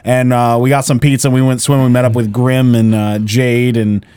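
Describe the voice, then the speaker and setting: A man's voice: mid-range voice, flat delivery, brisk, warm tone, clear, resonant tone. A man co-hosting a casual movie podcast, talking with eager fan enthusiasm and frequent restarts. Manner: enthusiastic, stammers on restarts, acts out quotes. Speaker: podcast co-host.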